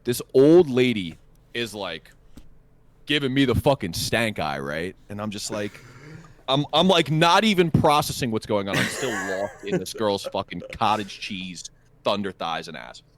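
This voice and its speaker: A man's voice: fairly low pitch, lively intonation, a little slow. A young man co-hosting a podcast, telling a crude, profane story in a rambling way with stammers and restarts. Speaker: podcast co-host. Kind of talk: casual storytelling chat.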